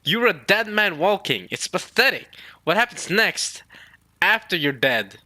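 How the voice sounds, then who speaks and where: Brief: man voicing gruff injured old man, scolding, dry close sound. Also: high voice, very animated, unhurried, pushed and bright, no room sound, voice pushed up, heavily acted.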